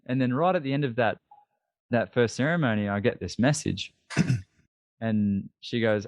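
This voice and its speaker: A man in his thirties, a podcast guest, telling a long personal story in a candid, animated way with many restarts. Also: medium pitch, moderate pace, no room sound. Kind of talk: storytelling interview.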